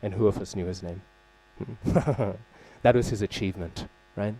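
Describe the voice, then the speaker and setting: Male temple class speaker, fairly low voice with a warm, soft tone; casual storytelling lecture that keeps checking in with listeners. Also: normal speed. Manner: conversational, frequent "right?" check-ins and fillers; openly searches for names and terms. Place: temple hall.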